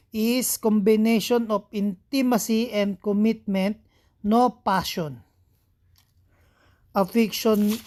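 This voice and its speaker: A woman's voice: mid-range voice, dark tone. A woman teacher from the Philippines with a Filipino accent, reading lecture points aloud and repeating each one as if dictating. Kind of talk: slow reading of lecture notes.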